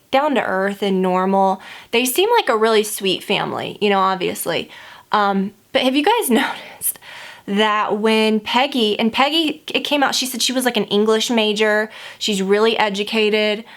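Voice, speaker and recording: A woman talks straight to the camera while she does her makeup, gossiping in a casual, rambling way. Her voice sits at an ordinary middle pitch. She scatters "like" and "you know" through every sentence. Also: a bit bright. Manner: chatty and rambling, heavy use of "like". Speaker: beauty vlogger.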